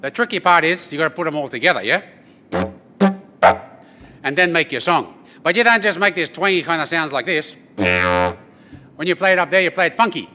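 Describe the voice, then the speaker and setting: A man's voice: fairly high pitch, very animated, moderate pace, pauses often, sharp tone, faint music behind. An Australian man, an artist, tells funny stories and demonstrates an instrument at a corporate briefing, often ending his lines with "yeah?". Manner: joking, chatty, often ends with "yeah?" and "eh?". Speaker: artist giving a talk and didgeridoo demonstration. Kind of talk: humorous storytelling presentation. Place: corporate event space at a briefing.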